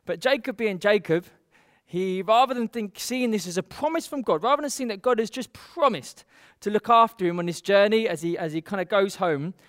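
A man with a high voice tells a Bible story in an easy, chatty way, full of little fillers and quick acted-out lines. The sound is close and dry, with no room around it. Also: lively intonation, a bit bright, no room sound. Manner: chatty retelling, acts out quotes with fillers. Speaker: Bible teacher.

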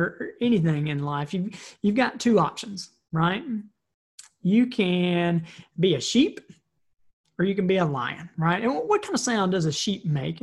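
A woman giving a motivational talk, telling a personal story in an energetic, conversational way and often repeating words. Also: on the low side, breathy edge. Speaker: motivational speaker.

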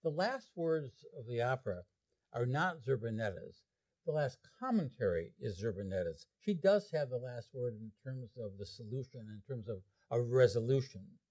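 A man lecturing on an opera, retelling its plot in an animated storytelling way. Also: medium pitch, normal speed. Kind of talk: explaining an opera to an audience.

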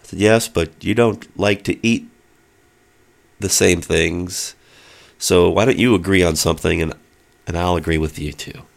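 A man's voice: low voice, a little slow, gravelly, long pauses. A middle-aged man telling a long, rambling story in casual chat, with lots of fillers and spoken sound effects.

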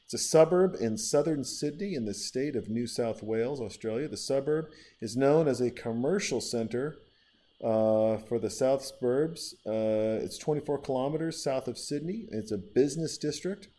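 A man's voice: medium pitch, moderate pace. Rambling, profane male podcast host. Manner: rambling, profane, riffing with listener shout-outs. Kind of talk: casual podcast chat.

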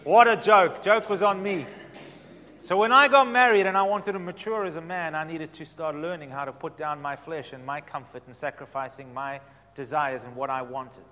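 Male pastor, high bright voice, impassioned sermon, loud-to-soft swings, church hall echo. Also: steady tone, moderate pace.

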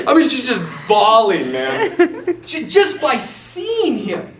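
A young man teaching a class in a lively, animated way, talking to his students as "man" and "you guys.". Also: extremely high pitch, measured pace, noisy background. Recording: echoey room, mic from a distance.

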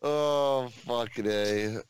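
A man's voice: medium pitch, extremely slow, a little hiss or hum. A young man co-hosting a casual late-night podcast chat, rambling and loose, swearing often. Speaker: podcast co-host.

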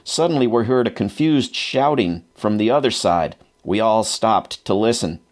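A man reading a first-person wartime memoir aloud in a measured, unhurried way. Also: on the low side. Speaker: narrator.

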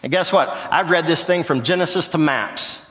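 A male pastor preaches in a lively, conversational manner, throwing rhetorical questions to the people in the pews. His voice sits a little high for a man and carries a long reverb from a large church hall. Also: normal speed. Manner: animated storytelling, rhetorical questions to the congregation. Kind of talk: conversational sermon. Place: church sanctuary.

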